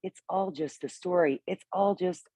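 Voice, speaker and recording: A woman sharing casually on a video call, halting and rambling, swearing and laughing as she talks. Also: on the low side, warm tone, breathy edge, dry recording, poor audio. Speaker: meeting participant.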